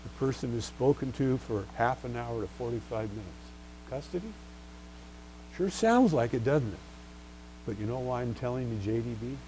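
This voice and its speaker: A man's voice: medium pitch, fairly quick, dark tone, slight background noise, rough recording. A man teaching a recorded bar exam review lecture, asking rhetorical questions and answering them himself while stressing key terms. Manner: stresses key terms and spells out case names.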